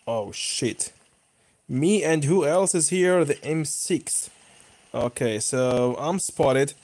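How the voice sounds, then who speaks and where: A man's voice: mid-range voice, slow pace. A young man commenting live on his own tank gameplay, cheering and groaning as the match goes. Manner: excitable, bursts of cheering and groaning. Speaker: gaming YouTuber.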